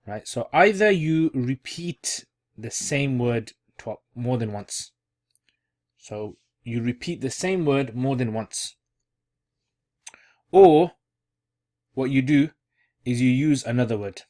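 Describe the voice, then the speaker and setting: A man gives an online Arabic grammar lesson in a relaxed, conversational way. His voice sits at a middle pitch, and he restates key terms and thinks aloud as he explains. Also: takes it slowly, pauses often.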